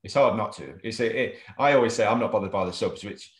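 A man's voice: fairly low pitch, quick pace, roomy sound. An English man co-hosting a casual chat, talking readily with frequent restarts and easy laughs. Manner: chatty, laughs easily, restarts often. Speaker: co-host of a collectors' chat show. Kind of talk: casual video-call chat.

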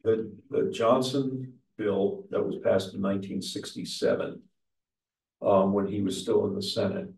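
A man who is a pastor leading an adult church class, speaking in a measured, explanatory way and putting questions to the group. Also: lowish voice, fairly even intonation, vocal fry, a little mellow. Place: church meeting room. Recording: echoey room, mic far off.

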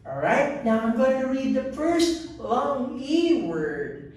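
A man teaching an English lesson, drilling pronunciation by repeating each word three times in a slow, deliberate way. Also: very high voice, animated, a little mellow. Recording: echoey room, voice from a distance.

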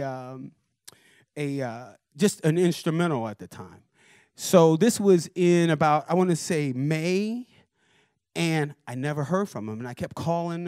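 Animated storytelling man. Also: fairly high pitch, no echo, studio quality. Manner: lively, acts out voices, chuckles often. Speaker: guest speaker, record producer. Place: university forum, indoors.

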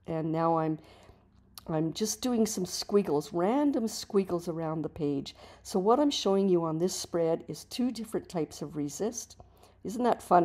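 A woman with a low, mellow voice talks through a painting lesson in an easy, chatty way. She encourages the viewer warmly and restarts her sentences as she goes. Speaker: art teacher. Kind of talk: relaxed tutorial narration over painting.

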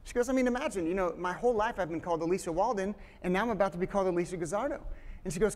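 A man's voice: sits high, very fast, darkish tone, in a large hall. A man in his forties giving a sermon as guest speaker, opening with humorous family stories and often restarting his sentences. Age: 40s. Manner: joking, storytelling, frequent restarts.

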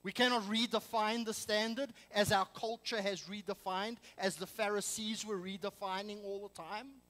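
A man's voice: high-pitched, steady tone, moderate pace, fairly bright tone, long reverb tail, rough recording. A man preaching a sermon as pastor, emphatic and full of rhetorical questions. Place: church sanctuary.

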